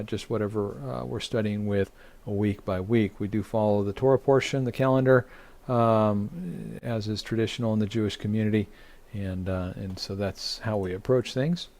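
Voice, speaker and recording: A man teaching a weekly online Torah study as rabbi, speaking haltingly with many fillers and restarts. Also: on the low side, steady tone, creaky, darkish tone. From United States.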